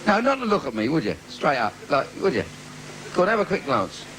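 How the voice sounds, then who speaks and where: A man's voice: fairly high pitch, big pitch swings, a little fast, fairly bright tone. A man with a London accent doing a bawdy stand-up routine in a live theatre, bantering cheekily with the crowd and laughing at his own jokes. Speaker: stand-up comedian. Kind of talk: live comedy club routine. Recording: noisy 1980s live video.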